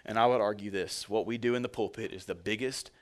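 A man's voice: lowish voice, fairly even intonation, quick pace. A male pastor giving a sermon in a conversational, joking way, speaking directly to his congregation.

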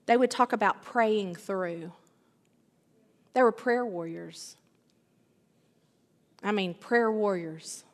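A woman's voice: mid-range voice, takes it slowly, pauses often. A middle-aged woman preaching a sermon, emphatic, repeating key phrases and building in intensity. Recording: long reverb of a large hall.

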